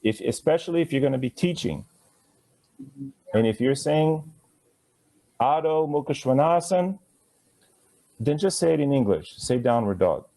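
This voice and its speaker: His medium-pitched voice is mellow and expressive as he teaches a live class how to pronounce Sanskrit. Talking casually, he slowly stretches out each word as a model and drops in playful remarks with a chuckle.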